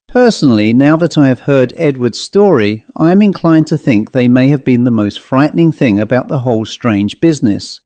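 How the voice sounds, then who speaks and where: A man narrating a ghost story as an audiobook, in a measured, steady way. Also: mid-range voice, dry recording.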